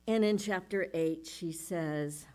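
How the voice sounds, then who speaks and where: A woman reading aloud to a spiritual congregation in a measured, unhurried way. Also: on the low side, darkish tone. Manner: slow, measured reading with light laughter. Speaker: speaker at a spiritual center service.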